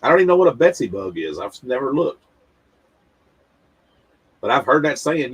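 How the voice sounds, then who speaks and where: Husky man chatting on stream. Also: medium pitch, very animated, moderate pace, long pauses. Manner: rambling, talks straight to viewers, stumbles and repeats words. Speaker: livestream host. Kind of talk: casual livestream chat.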